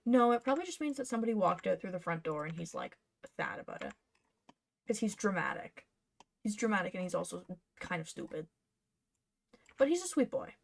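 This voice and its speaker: A woman's voice: on the low side, lively intonation, fairly quick, creaky. A woman streaming her cosplay patterning work, chatting casually and muttering to herself as she works. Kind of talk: casual live-stream chat while working.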